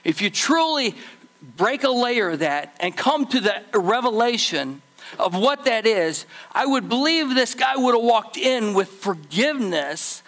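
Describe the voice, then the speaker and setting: A man preaching a sermon with a lively, sing-song delivery that rises and falls widely. His voice sits high for a man. He acts out the people in his story as he goes. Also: measured pace. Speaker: pastor.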